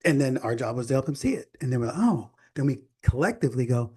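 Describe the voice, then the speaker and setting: A man co-hosting a sales podcast in an easygoing, animated way. His voice is warm and mellow, with a middle pitch. He slips into short quoted lines to make his point. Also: brisk. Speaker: podcast co-host. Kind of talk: casual business talk.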